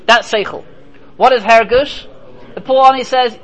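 A man's voice: very high-pitched, moderate pace, fairly bright tone, low-quality recording. A man teaching a Torah class as a rabbi, speaking emphatically, asking and answering his own rhetorical questions, and dropping in Hebrew and Yiddish terms.

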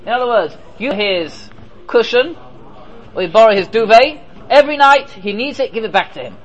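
A man's voice: high voice, lively intonation, moderate pace, muffled recording. A man teaching a Torah class as a rabbi, speaking emphatically, asking and answering his own rhetorical questions, and dropping in Hebrew and Yiddish terms.

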